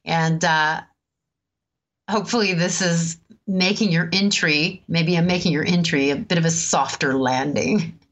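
A woman in her fifties telling a personal story in a relaxed, chatty way, laughing often and pausing with many ums. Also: lowish voice. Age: 50s. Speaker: host. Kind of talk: storytelling talk.

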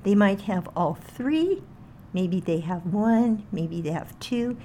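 A woman's voice: mid-range voice, expressive, slow pace, dark tone, a little hiss or hum. A woman teaching a guided healing meditation, speaking in a soothing way and chanting short phrases over and over.

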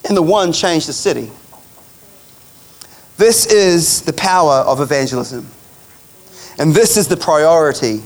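A man preaching a sermon, telling a vision story in a casual, chatty way and laughing along. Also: on the high side.

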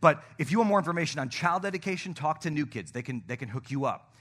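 Bright-voiced energetic male pastor. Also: a little high, quick pace. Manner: energetic, playful, coaxing the congregation. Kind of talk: sermon. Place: church stage.

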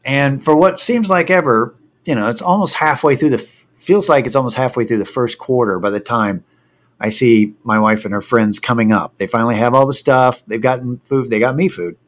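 A man casually telling a personal anecdote, animated and profane as he gets worked up. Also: mid-range voice, normal speed.

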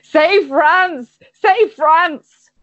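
A man's voice: very high-pitched, extremely slow, a bit bright, no echo, lo-fi sound, voice pushed up, full character voice. A woman voicing a frantic lost male tramp who shrieks at people, in a comedy improv game. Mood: shrieking. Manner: shrieking, wild-eyed.

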